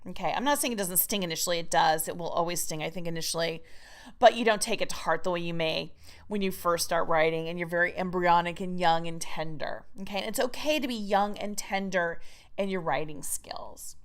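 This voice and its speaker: A woman's voice: lowish voice, brisk. A woman teaching a recorded writing course in an emphatic, chatty manner. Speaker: writing coach.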